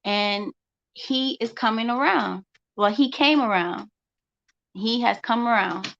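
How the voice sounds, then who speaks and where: A woman with a gravelly, fry-edged voice talks casually as a homeschooling mother on her vlog. She circles back to her phrases to drive them home. The sound is dull and lo-fi. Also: on the high side, slow pace, a bit bright. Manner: conversational, repeats phrases for emphasis. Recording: dull lo-fi recording.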